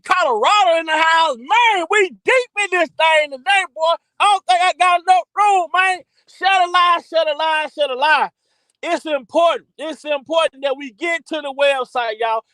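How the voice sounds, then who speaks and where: A man hosting a livestream, hyping up his chat with loud, repetitive shout-outs. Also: extremely high pitch, dry recording, low-quality recording. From Texas by way of Louisiana. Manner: hyped, repetitive, calls out to chat. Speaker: livestream host.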